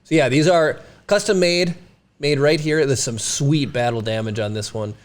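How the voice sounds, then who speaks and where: A man's voice: medium pitch, normal speed. A man co-hosting a podcast in casual chat, with teasing, playful banter. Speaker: podcast co-host.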